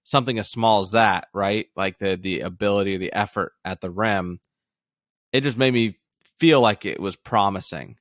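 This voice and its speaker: A young man with a lowish voice co-hosts a sports podcast, talking in a loose, rambling way full of restarts. The recording is dry and close, with no room sound. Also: moderate pace, a bit bright, dry recording. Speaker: podcast co-host. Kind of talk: casual sports podcast chat.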